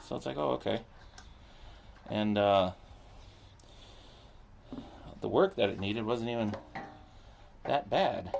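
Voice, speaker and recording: A man's voice: lowish voice, takes it slowly, vocal fry, long pauses, background noise. A man chatting casually and rambling while he repairs a machine, poking fun at himself as he works. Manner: rambling, self-deprecating, talks to himself while working. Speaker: landscaping business owner repairing equipment. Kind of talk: casual chat while working.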